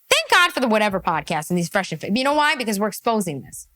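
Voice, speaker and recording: A woman's voice: medium pitch, sing-song, quick pace, few pauses, a bit bright, no echo. A woman reacting to a podcast clip, incredulous and laughing, mocking what she hears with put-on voices. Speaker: reaction commentator.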